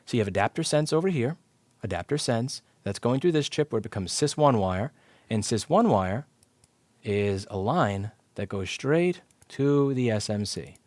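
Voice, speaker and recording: A man's voice: medium pitch, animated, normal speed, a little mellow, dry recording. A man teaching electronics repair on a live stream, blunt and sarcastic, cursing casually as he explains the circuit step by step. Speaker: repair instructor. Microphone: clip-on mic.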